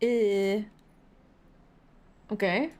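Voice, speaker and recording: A woman's voice: mid-range voice, steady tone, extremely slow, a little mellow. A woman streamer commenting on a game playthrough, giggling and squealing in mock despair while reading the game text aloud.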